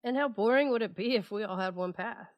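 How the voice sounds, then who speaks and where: A woman's voice: fairly high pitch, fast talker, no echo, muffled recording. A woman hosting a podcast with a sick voice, encouraging and laughing easily. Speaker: podcast host. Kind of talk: casual conversation.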